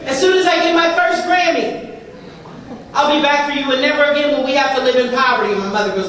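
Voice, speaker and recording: A woman's voice: high-pitched, quick pace, far from the mic, background noise. A woman telling her own life story to an audience, wry and self-mocking, with a comic touch. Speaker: speaker sharing a recovery story. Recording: echoey hall, heard from afar.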